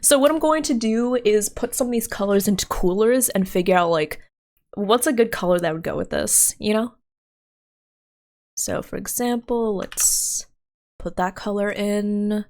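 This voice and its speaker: A woman's voice: medium pitch, a little slow, pauses often, a little mellow. A woman streamer chatting casually and thinking aloud as she works, with frequent giggles and fillers. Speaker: livestreamer. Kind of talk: casual livestream chat.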